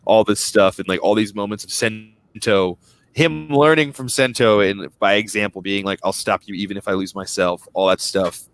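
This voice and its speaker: A man's voice: fairly low pitch, moderate pace, fairly bright tone, clean tone. A young man co-hosting a casual fan podcast, rambling enthusiastically and tripping over his words. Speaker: podcast co-host.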